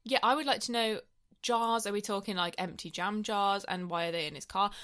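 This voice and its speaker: A woman's voice: mid-range voice, a bit bright. A woman co-hosting a podcast, giggly and playful in casual chat. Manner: giggly, playful, quick to laugh. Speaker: podcast co-host.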